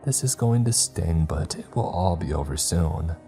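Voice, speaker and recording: Brief: gentle, motherly cult leader woman, put on by a deep-voiced male narrator, soft and soothing, faint music behind. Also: measured pace. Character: calm, sweetly nurturing scarred female cult leader.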